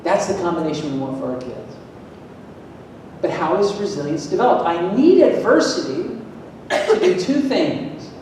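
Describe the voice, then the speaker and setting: A man from Florida giving a lively, emphatic talk to an audience, asking them questions, heard from a distance in a large hall. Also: moderate pace, long pauses. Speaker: motivational speaker at a school event. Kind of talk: energetic public talk to an audience. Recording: echoey hall, distant mic, faint rumble.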